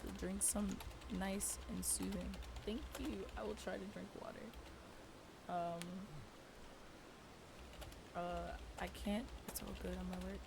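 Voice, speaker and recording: A woman streaming a game, hoarse with a failing voice, greeting viewers in a bubbly, flustered way. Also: mid-range voice, fairly even intonation, takes it slowly, long pauses, background noise. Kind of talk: live gaming stream chat.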